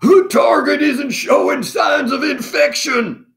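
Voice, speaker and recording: A man's voice: very high-pitched, slow, gravelly, pitched above the performer's own voice, heavily acted. A man reading a picture book aloud, voicing a furious male germ commander who barks out his orders. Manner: barking, shouted. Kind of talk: storybook read-aloud.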